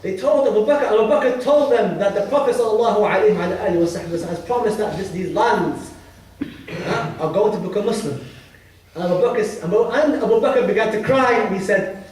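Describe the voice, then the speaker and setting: High-voiced man, very echoey hall. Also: a little fast, darkish tone, slight background noise. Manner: retells dialogue with shifting pitch, frequent coughs and throat clearing. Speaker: religious teacher. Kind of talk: storytelling lecture. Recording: very echoey room from far off.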